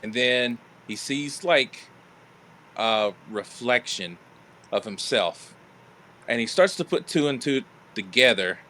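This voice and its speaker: Player dude slowly explaining what his guy does, lots of likes and pauses. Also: mid-range voice, lively intonation, pushed and bright. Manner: unhurried, hesitant with fillers. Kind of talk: describing his character's actions in a tabletop game.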